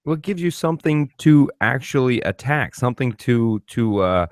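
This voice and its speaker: A man's voice: mid-range voice, expressive, moderate pace, a little mellow, no room sound. Male interviewer, brief agreeable interjections, dry sound. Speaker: podcast host. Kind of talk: interview conversation.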